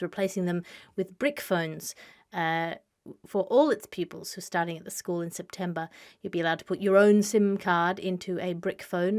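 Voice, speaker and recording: A woman hosting a comedic news podcast with dry, deadpan wit, recorded over a video call. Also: lowish voice. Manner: dry, witty, deadpan delivery. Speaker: host. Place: home, remote video call.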